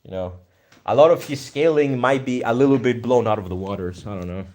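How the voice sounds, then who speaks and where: A man's voice: medium pitch, a little fast, darkish tone, slight background noise. A young man with a Greek accent chatting casually on a live stream, reading viewer comments and thinking aloud in a laid-back, slangy way. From Greece.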